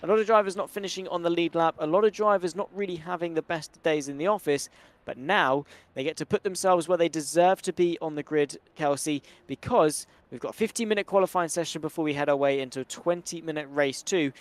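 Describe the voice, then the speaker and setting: A man commentating a sim racing broadcast, chatty and quick with slang. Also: a little high, dry recording. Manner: brisk, chatty play-by-play with British slang. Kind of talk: live race commentary.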